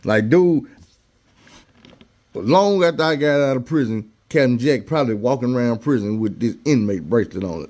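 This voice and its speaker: A man's voice: medium pitch, lively intonation, normal speed, a little mellow. A man casually telling a personal story in slangy, conversational talk, acting out the people he quotes.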